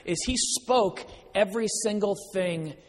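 A man giving a sermon full of personal stories, acting out the dialogue in an animated way. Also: sits high, measured pace. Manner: animated storyteller, acts out dialogue. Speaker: guest speaker. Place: large church hall. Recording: church hall with long reverb.

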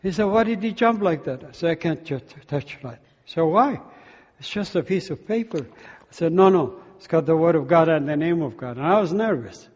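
A man giving a testimony as a sermon, telling his story and acting out the dialogue with lively energy. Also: on the high side, moderate pace, highs cut off. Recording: long hall reverb.

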